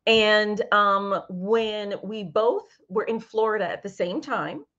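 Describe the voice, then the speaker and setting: A woman's voice: mid-range voice, slow pace, dull audio. A woman from Brooklyn, a sex coach, telling stories animatedly as an interview guest. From New York (Brooklyn). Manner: animated storyteller, voices other people in her anecdotes. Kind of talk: casual interview chat.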